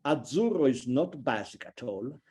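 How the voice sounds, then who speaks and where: A man giving an online university lecture, halting and thinking aloud with many fillers and restarts. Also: medium pitch, big pitch swings, mellow, husky. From Italy. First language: a regional language between France and Italy.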